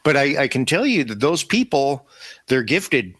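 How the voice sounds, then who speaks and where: Reflective man, middle-pitched voice. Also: big pitch swings, normal speed, a bit bright. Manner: reflective, thinks aloud with restarts and "you know". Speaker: podcast guest. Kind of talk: casual faith conversation.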